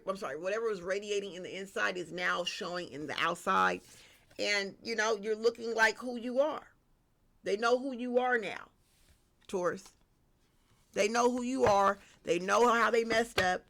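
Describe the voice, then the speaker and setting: A woman giving a casual spiritual tarot reading, lively and slangy, talking straight to her viewers. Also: medium pitch, creaky. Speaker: tarot reader.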